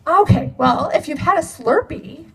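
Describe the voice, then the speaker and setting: A woman telling a personal story to an audience in an animated, expressive way. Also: high-pitched, normal speed, creaky, distant mic, rough recording. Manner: animated, expressive, acts out quoted dialogue with laughs. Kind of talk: personal anecdote told to a live audience.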